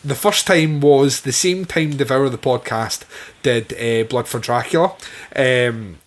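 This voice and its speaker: A podcast co-host with a medium-pitched voice talks a little slowly. His casual review of a horror film is enthusiastic and full of free-flowing profanity.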